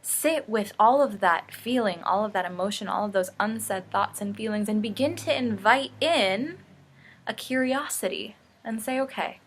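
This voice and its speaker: A young woman speaks in a bright, forward voice, coaching listeners step by step. Her delivery is emphatic and built on repeated lists, with the odd casual swear word. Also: mid-range voice, moderate pace. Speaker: life coach. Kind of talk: motivational teaching talk.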